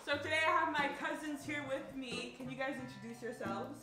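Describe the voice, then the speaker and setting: A woman's voice: high voice, fairly quick. A young adult woman hosting a casual chat in an upbeat, chatty way. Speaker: host. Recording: echoey room with loud music.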